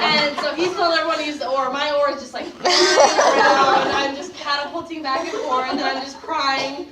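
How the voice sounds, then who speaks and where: A young woman telling a personal story in a casual, animated way, laughing and getting louder as it builds. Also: high voice, heavy background noise. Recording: roomy distant mic with faint ambience.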